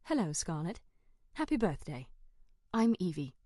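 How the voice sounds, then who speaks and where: A woman voicing a polite female AI assistant with a British accent in an audiobook, speaking calmly and a little lower than her own voice. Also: measured pace, no room sound, clean studio sound.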